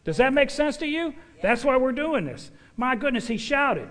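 A middle-aged man preaching a sermon with personal testimony, folksy and emphatic, swinging from loud exhortation to quiet asides. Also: sits high, animated, normal speed. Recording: long hall reverb.

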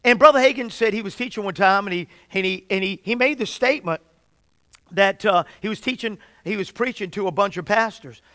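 A fervent male preacher delivers a sermon in a high, smooth, resonant voice that sounds pushed and bright. He keeps restarting phrases and slowly stretches out key words. The recording is close and dry, without any echo.

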